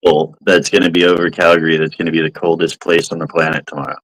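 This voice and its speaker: A man's voice: a bass voice, level tone, fast, fairly bright tone, rough recording. A man in a casual chat, teasing and laughing easily.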